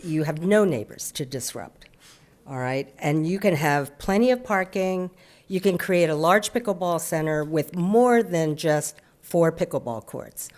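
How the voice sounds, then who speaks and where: A woman's voice: deep voice, darkish tone. A woman giving an insistent, unscripted public comment at a city council meeting, sometimes stumbling and restarting.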